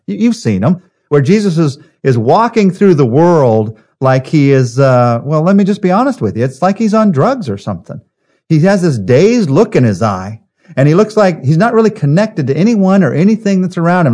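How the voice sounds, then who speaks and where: A man preaching a sermon as pastor, earnest, slowing and softening on key phrases. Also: a little high.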